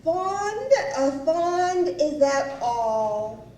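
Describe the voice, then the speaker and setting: A woman mimicking a wounded society wife with an icy, high-pitched delivery in a stage play. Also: expressive, takes it slowly, darkish tone. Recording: roomy stage sound from far off.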